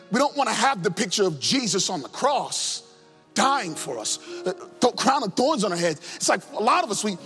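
A man's voice: high voice, fairly bright tone. A man preaching a sermon with passion, repeating his phrases and swinging his emphasis up and down. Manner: impassioned, repetitive, rising and falling emphasis. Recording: long hall reverb with faint music.

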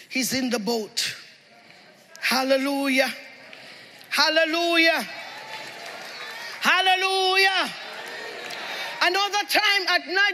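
A man preaching a sermon as pastor, shouting and repeating his refrains with passion. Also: very high voice. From Nigeria. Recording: reverberant hall with congregation.

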